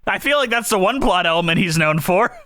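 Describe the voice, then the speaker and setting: A man's voice: high-pitched, lively intonation, pushed and bright. A man hosting a casual podcast chat, joking and leading the talk. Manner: joking, quick-witted, leads the talk. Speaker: podcast host.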